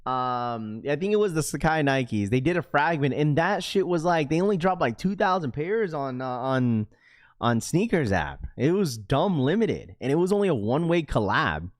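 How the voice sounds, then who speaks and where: A man's voice: fairly high pitch, sing-song, moderate pace. A young man hosting a livestream, chatting casually and rambling as he reads and answers viewers' comments. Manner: rambling, talks to chat, reads comments aloud. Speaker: livestream host.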